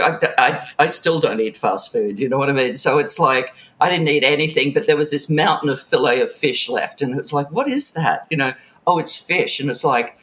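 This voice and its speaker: A woman's voice: deep voice, fairly bright tone. A middle-aged woman telling stories from her music industry career in a casual interview. She laughs often and drops into quoted voices. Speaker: author and music industry veteran.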